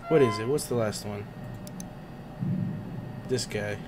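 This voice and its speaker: A young man casually commenting while he plays a horror game, excitable and talking to the screen in slang, often swearing. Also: fairly low pitch, slow, heavy background noise. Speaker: gaming streamer.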